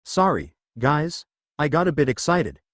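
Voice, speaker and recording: A man voicing an overly excited, eager teenage boy who exclaims everything, in a storybook reading. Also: on the high side, unhurried, no room sound, studio quality.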